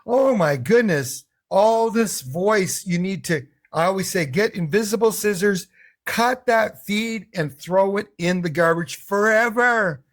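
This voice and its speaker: A middle-aged man coaching English learners in a casual talk to camera. His voice sits a little high for a man, and he tells stories with energy, acting out the people in them. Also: measured pace. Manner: animated storyteller who acts out voices.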